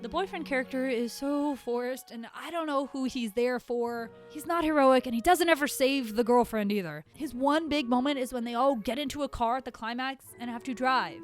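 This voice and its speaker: A woman with a high voice gives a casual film review, sarcastic and exasperated, bursting into animated rants. Soft lo-fi beats play faintly behind her. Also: moderate pace, hardly any pauses, soft background music. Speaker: movie reviewer.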